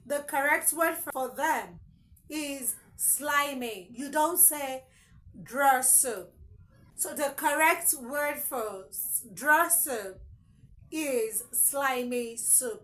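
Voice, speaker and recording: Slow, high-voiced teacher woman. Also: a bit bright, low-quality recording. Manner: emphatic, repeats words to drill pronunciation. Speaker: English teacher. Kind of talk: spoken English lesson.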